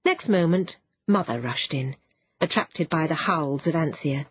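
A woman narrating a children's storybook in an expressive, animated way. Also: deep voice, unhurried, husky, highs cut off. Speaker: audiobook narrator.

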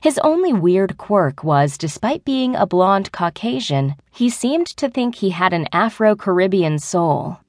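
A woman narrating an adult audiobook in the first person with an even storytelling delivery. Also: medium pitch, measured pace, few pauses, no echo, studio quality.

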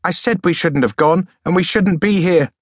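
A man's voice: high-pitched, expressive, normal speed, no room sound, clean studio sound, voice pushed up. A man voicing a scared, tall and thin teenage boy. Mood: frightened. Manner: plaintive, jabbering.

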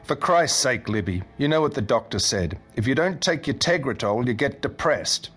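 A man's voice: mid-range voice, animated, moderate pace, fairly bright tone, slightly rough, soft background music. A man doing a crude, exasperated husband. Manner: exasperated, swearing. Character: irritable, crude middle-aged husband.

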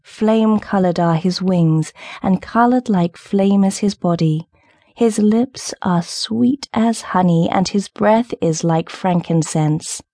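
A woman voicing a small, brave female nightingale in an audiobook, high and imploring. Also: slow, dark tone, no echo, clean studio sound. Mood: rapturous. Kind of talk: audiobook character reading.

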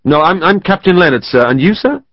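Nervous stammering young captain, high strained voice, narrator doing him, dry muffled sound. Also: male voice, animated, brisk, no room sound. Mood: flustered. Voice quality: stammering, eager to please. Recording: dry, slightly muffled studio.

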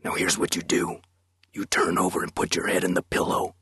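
A man voicing a menacing masked male intruder in an audiobook, speaking in a scratchy, hushed, threatening whisper. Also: low-pitched, completely flat delivery, a little fast, breathy edge, no echo, studio quality, exaggerated voice.

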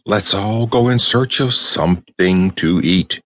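A man's voice: sits low, measured pace, no echo, studio quality. A man voicing a jolly male tin soldier toy in a hearty, spirited storybook voice.

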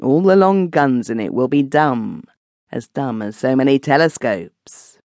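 A woman voicing a thoughtful man who tells a grim tale in a measured, sober way. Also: extremely low pitch, expressive, darkish tone, no room sound, exaggerated voice. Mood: musing.

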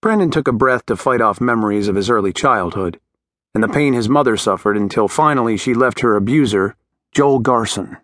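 A man narrating a dramatic novel in a measured, scripted reading as an audiobook narrator. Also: mid-range voice, fairly bright tone, no echo, clean studio sound.

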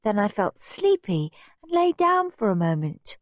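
A woman's voice: mid-range voice, very animated, a little slow, no room sound, studio quality, pitched above the performer's own voice. A woman voicing a whiny, prim little boy, snivelling and pleading, in a storybook reading.

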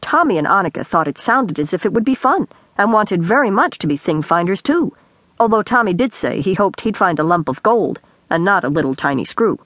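A woman reads a children's storybook aloud, her pitch rising and falling in lively swings. The studio sound is dry and close, with no room around her. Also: a little fast, no echo. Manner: animated storytelling. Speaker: audiobook narrator. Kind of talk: scripted narration. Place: recording studio.

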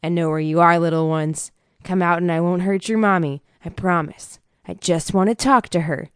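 A woman's voice: fairly low pitch, fairly even intonation, moderate pace, clear, resonant tone, no echo, studio quality, natural voice. A woman voicing a brutal male hitman in an audiobook, talking in a threatening, taunting way. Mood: coaxing.

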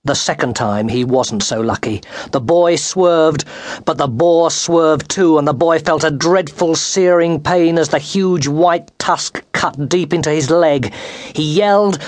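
A man narrating a children's storybook with animated, dramatic delivery that rises and quickens with the action, recorded close in a studio. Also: on the high side, dry recording. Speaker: audiobook narrator. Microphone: close studio microphone.

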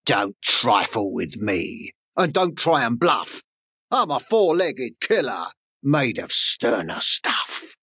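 A man voicing a menacing, bullying male lion king in a storybook, with a deep, slow, threatening delivery. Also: very animated, bright, forceful tone, breathy edge, no room sound, studio quality, heavily acted.

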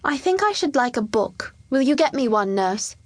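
A woman's voice: high-pitched, moderate pace, no echo, voice pushed up. A woman voicing an eager, cheerful little boy king in a children's storybook reading. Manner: excited, bookish.

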